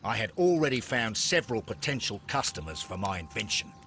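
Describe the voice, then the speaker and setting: A man's voice: fairly low pitch, big pitch swings, a little fast, a bit bright, slight background noise. An actor with an Australian accent playing a brusque, haughty businessman and engineer in a video game. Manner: curt, impatient and haughty.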